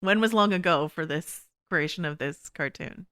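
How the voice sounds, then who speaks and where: A woman hosts a podcast in a loose, chatty way, talking fast and dropping "you know" everywhere. Her voice sits a little low but sounds bright and crisp. It is very clear. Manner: quick, chatty, full of "you know" and laughs. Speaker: podcast host. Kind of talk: casual TV discussion chat.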